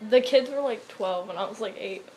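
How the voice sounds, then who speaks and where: A young woman chatting casually, telling animated childhood stories with lots of laughing and some swearing. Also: mid-range voice, fairly quick, a loud crowd. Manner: animated storytelling, laughing, acts out childhood quotes. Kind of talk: casual chat.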